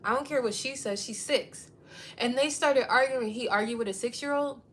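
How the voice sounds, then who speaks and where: A woman with a high, bright voice tells a story in a casual livestream rant. She is blunt and swears freely, and she acts out every side of the exchange with lively energy. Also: moderate pace. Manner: blunt and profane, animated retelling. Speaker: livestream host.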